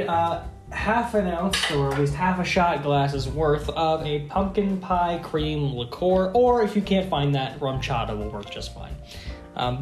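A man from Michigan, a former bartender, hosting a casual cocktail review vlog in a chatty, self-mocking way with lots of fillers. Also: on the high side. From Michigan, USA. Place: home bar. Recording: echoey room with faint guitar music.

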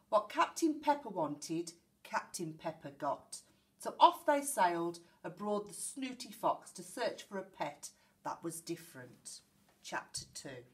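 A woman teacher reading a children's storybook aloud in an expressive, animated way. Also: medium pitch, distant mic.

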